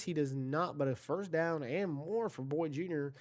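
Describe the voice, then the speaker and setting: Chill guy calling a video game football match, dark mellow tone, talks to chat a lot, corrects himself. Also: normal speed, few pauses. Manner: chatty, self-correcting, talks to chat, rises in pitch on big plays. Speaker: play-by-play commentator for an online video game football league. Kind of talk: casual play-by-play commentary.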